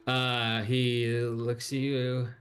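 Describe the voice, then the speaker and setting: A man narrating as game master, halting with many fillers. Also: medium pitch, little pitch movement, a bit bright, clean tone, faint music behind.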